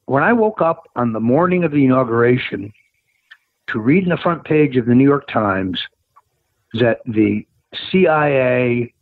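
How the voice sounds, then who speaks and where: A combative man on a tinny, dry phone line hammers his points home. His voice sits fairly high and swings a lot as he presses, with a husky edge. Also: animated, unhurried, no room sound. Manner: emphatic, combative, rising to insistent highs. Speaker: guest, political operative. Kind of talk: interview over the phone.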